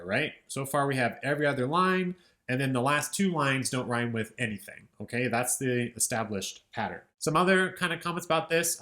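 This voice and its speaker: A man's voice: medium pitch, a bit bright. A young man giving a casual music lesson, thinking aloud as he breaks down song lyrics, with many "right?" and "kind of" fillers. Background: faint ukulele.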